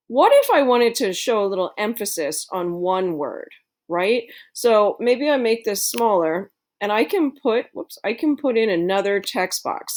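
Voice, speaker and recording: A woman teacher with a medium-pitched voice gives her students a screen-recorded tutorial. She's friendly and chatty, using plenty of fillers.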